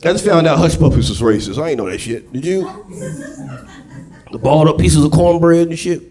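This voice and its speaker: A young man performing a crude, excitable stand-up set, on a comedy club stage with a handheld mic. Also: on the high side, brisk. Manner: loud, crude, excitable storytelling. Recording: live club with loud crowd. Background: audience laughing.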